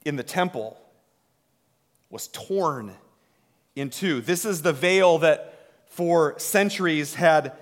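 A man preaching a sermon in a slow, dramatic way, dropping to a hush and swelling again. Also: fairly high pitch. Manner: slow, dramatic delivery with hushed drops and swells. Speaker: pastor. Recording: long hall reverb.

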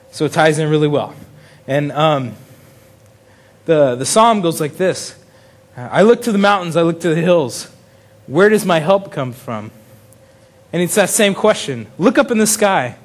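Pastor guy with a high voice, chatty sermon, keeps chuckling and restarting. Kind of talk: casual sermon.

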